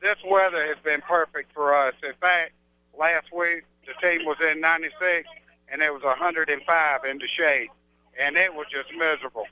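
A man's voice: a little high, fairly even intonation, moderate pace, pushed and bright, a little hiss or hum, poor audio. A man running a food stand, giving an easygoing interview on live radio at an outdoor festival. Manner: friendly, easygoing salesman talk.

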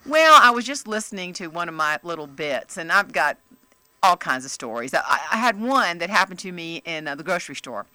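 A middle-aged woman comedian, telling stories in a lively interview and jumping into high voices when she quotes people. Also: fairly quick, dry recording. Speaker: comedian and author, interview guest. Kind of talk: casual interview chat.

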